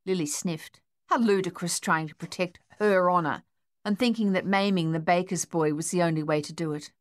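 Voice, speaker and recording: Female narrator, low pitch, dry studio sound, even measured storytelling. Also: no echo. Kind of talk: audiobook narration.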